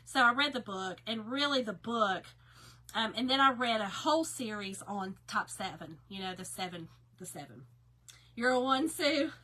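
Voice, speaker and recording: A woman with a Southern US accent hosting a live craft tutorial, chatting warmly with viewers and reading their comments aloud. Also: fairly high pitch, lively intonation, normal speed. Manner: chatty and bubbly, reads viewer comments aloud, says y'all and girl. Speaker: craft host.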